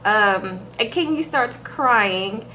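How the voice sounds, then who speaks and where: A woman's voice: mid-range voice, expressive, slow, sharp tone, a little hiss or hum. Sassy, chatty woman recapping reality TV. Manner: chatty, sassy, calls viewers girl and y'all. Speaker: reality TV reviewer. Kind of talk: casual vlog commentary.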